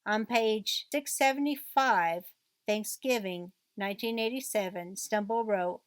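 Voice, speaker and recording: Woman reading a true crime essay, steady narration, mid pitch, dry close mic. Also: unhurried, clean tone, no room sound. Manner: steady read-aloud narration of court and book quotes.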